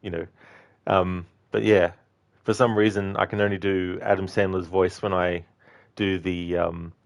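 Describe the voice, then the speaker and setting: A man's voice: low voice, flat delivery, unhurried, gravelly. A man chatting casually on a game livestream, thanking viewers by name and rambling through asides. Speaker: game streamer.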